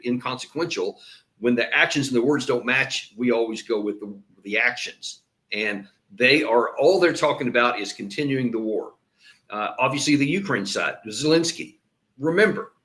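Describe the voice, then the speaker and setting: Hosting solo political commentary with clips played in, a man speaks emphatically, often breaking off to restart sentences and repeating words to stress points. His voice is mid-range and a bit bright.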